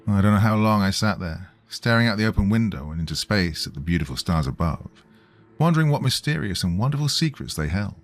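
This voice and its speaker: A man narrating a scripted horror story with a very deep voice. He reads slowly and gravely. Soft music plays faintly underneath. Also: animated.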